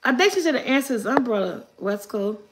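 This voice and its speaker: High-voiced chatty woman. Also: very animated, noisy background. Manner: laughs often, repeats questions slowly, chatty. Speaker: vlogger reading live chat riddles. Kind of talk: casual live-stream chat.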